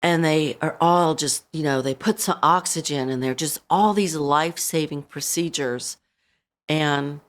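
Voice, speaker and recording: A middle-aged woman, a podcast guest, telling a painful personal story in a halting way, full of "you know" and re-enacted lines. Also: sits low. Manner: halting, full of you-knows, re-enacting her own words.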